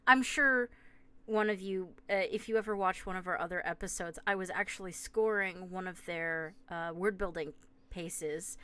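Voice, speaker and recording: A woman's voice: fairly low pitch, moderate pace, bright, forceful tone, clean tone. Chatty woman telling a heartfelt story. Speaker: podcast co-host. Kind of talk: casual chat. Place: home studio.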